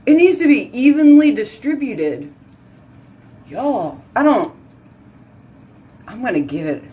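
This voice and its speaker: A woman's voice: a little high, very animated, slow, warm tone, muffled recording, a little hiss or hum. A woman from Houston with a Texan accent, chatting casually at home by her sink as a vlog host, bubbly and rambling. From Houston, Texas. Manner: bubbly, rambling, says y'all a lot.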